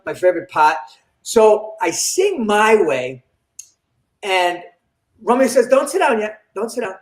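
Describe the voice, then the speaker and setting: An older man, a comedian guest, telling an animated story in an interview and acting out the dialogue. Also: high-pitched. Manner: animated, acts out quoted dialogue. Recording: roomy echo.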